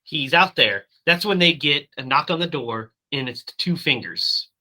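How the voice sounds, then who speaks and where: Bright, high-voiced man recapping a movie. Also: normal speed, rough recording. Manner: animated recapping, loose swearing. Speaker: podcast co-host. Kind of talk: casual movie-review chat.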